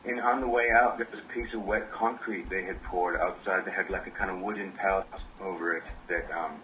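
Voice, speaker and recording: A man in an interview calmly recounts what really happened on a tour, in a matter-of-fact way. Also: low-pitched, fairly quick, slight background noise, low-quality recording. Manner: matter-of-fact, corrects the record. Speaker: band member recalling a tour. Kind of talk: interview recollection.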